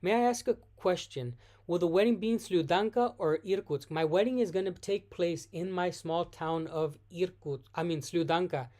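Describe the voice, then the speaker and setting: A voice hosting a live stream in a loose, casual Q&A. They read out questions from the chat and answer on the spot. Their answers are full of restarts and quick self-corrections. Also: mid-range voice, darkish tone. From United States.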